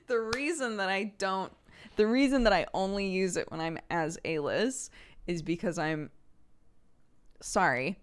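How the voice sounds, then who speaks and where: A woman's voice: deep voice, clean tone. An American woman streamer in a rambling, self-reflective casual chat with her viewers, laughing often.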